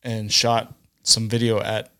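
A young man co-hosting a casual podcast, speaking haltingly with many restarts. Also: fairly low pitch, completely flat delivery, pushed and bright. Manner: hesitant, many fillers and restarts. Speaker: podcast co-host. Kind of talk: casual chat.

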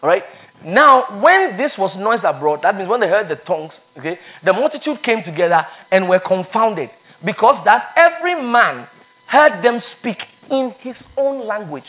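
A man's voice: sits high, big pitch swings, normal speed, narrow, tinny audio. A man preaching a sermon as pastor, emphatic, repeating phrases for stress and reading scripture aloud.

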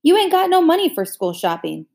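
A woman's voice: high voice, big pitch swings, fairly quick, vocal fry, darkish tone, voice pushed up, full character voice. A woman voicing a stern, tired farm mother who scolds her children curtly. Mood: scolding. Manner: scolding, curt.

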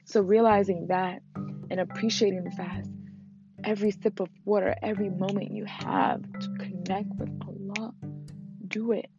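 A young woman hosting her own solo podcast, speaking earnestly and emotionally with pauses while she is fasting. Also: mid-range voice, steady tone, lo-fi sound, music in the background. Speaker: podcast host. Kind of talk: reflective solo podcast talk.

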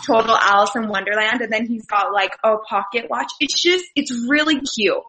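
A woman's voice: fairly high pitch, normal speed, bright, forceful tone, slight background noise, low-quality recording. A woman co-hosting a casual podcast, rambling cheerfully through a story. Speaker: podcast co-host. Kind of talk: casual chat.

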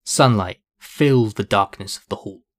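A man reading a fantasy story aloud in a steady, descriptive storytelling style. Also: fairly low pitch, moderate pace. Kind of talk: scripted narration of a fantasy story.

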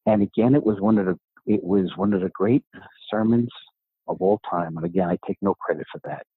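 This man's voice is low, husky and fairly quick, with no room sound on the tinny, phone-like recording. He's a middle-aged guest from New York, an author and gym owner, spinning a long tale for a podcast interview. He tells it with animation, performing the quoted dialogue in the characters' voices.

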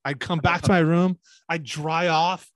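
A man's voice: on the high side, steady tone, a little slow, a bit bright, dry recording. A man with a slightly raised voice rambles through crude stories on a casual podcast, swearing freely. He slips into the voices of people he quotes. The sound is dry and close. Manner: profane, rambling, mimics people in quoted asides. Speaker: podcast co-host.

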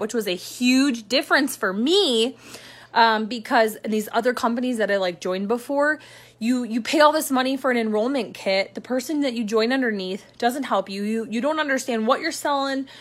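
A young woman talking casually to camera as a mom telling her own story, chatty and full of fillers, dropping to a hush and then rising with excitement. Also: on the high side. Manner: chatty, filler-heavy, swings between hushed and excited. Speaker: mom sharing her work-from-home story.

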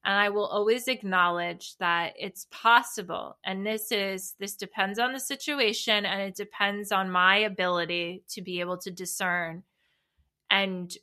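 A woman's voice: mid-range voice, sharp tone. A woman hosting a solo podcast, talking candidly and reflectively in a loose, conversational way with frequent restarts. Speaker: podcast host.

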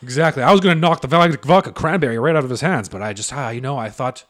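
A man's voice: medium pitch, rapid-fire, fairly bright tone. A man co-hosting a podcast in casual chat, chiming in with jokes and laughing along. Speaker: podcast co-host.

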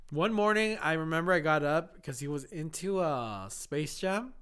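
Guy in his 30s, kinda high voice, cussing and laughing, just shooting the shit. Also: animated, measured pace, a bit bright, smooth. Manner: profane, laughing banter. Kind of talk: casual chat.

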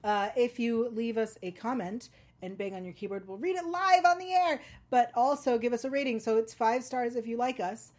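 Woman podcast host, bright-ish register, loose and giggly read. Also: on the high side, moderate pace. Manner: chatty, laughs often, many ums. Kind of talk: casual chat and read ad.

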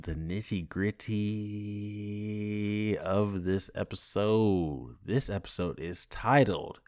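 A young man hosting his own podcast, talking casually and swinging from soft, grateful reflection to loud, playful bursts. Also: fairly low pitch, very slow, smooth. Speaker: podcast host. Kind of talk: casual solo podcast monologue.

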